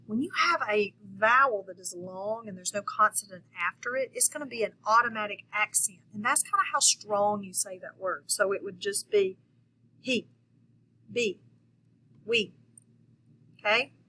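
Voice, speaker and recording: A woman's voice: medium pitch, expressive, moderate pace, hardly any pauses, bright, forceful tone, a little hiss or hum, rough recording. A woman teacher giving a patient phonics lesson to young children, checking in often with them.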